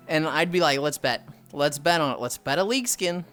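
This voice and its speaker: Woman streamer, lively casual storyteller, swinging pitch, soft music under. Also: brisk. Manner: animated storytelling, acts out quoted people. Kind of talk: casual chat with friends and chat.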